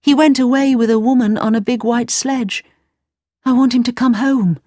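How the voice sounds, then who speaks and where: A lost little girl from a storybook, earnest and pleading as she searches for her friend, voiced by a woman reading aloud. The voice is pitched well above the reader's own, and the recording is close and dry. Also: moderate pace, warm tone, no echo, natural voice.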